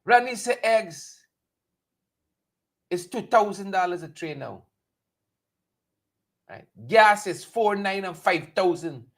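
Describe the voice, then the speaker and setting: Animated Guyanese man, high lively voice. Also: slow, pauses often. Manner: animated, repeats lines for emphasis, mocks with mimicry. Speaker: host. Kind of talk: satirical news commentary.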